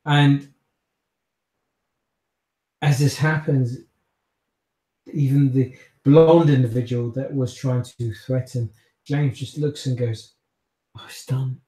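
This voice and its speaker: A man narrating a tabletop game as game master, telling the story slowly and deliberately. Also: mid-range voice, steady tone, warm tone. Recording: echoey room.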